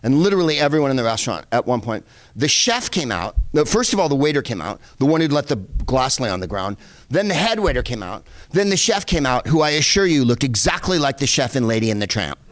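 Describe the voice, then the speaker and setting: A middle-aged man casually telling a lively anecdote, full of asides and the odd curse. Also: mid-range voice, fast talker. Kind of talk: casual storytelling.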